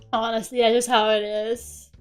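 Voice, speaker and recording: A woman's voice: fairly high pitch, darkish tone. A young woman chatting casually on a stream while drawing. She grumbles, swears freely and giggles often. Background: faint music.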